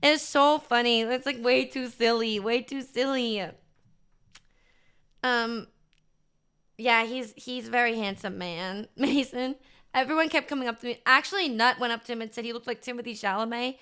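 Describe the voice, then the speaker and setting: Young woman, streamer, casual chat, bright tone, bubbly, gushing. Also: a little high, normal speed, clean tone. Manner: bubbly, gushing, chatty with many fillers. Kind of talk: casual chat to a live chat audience.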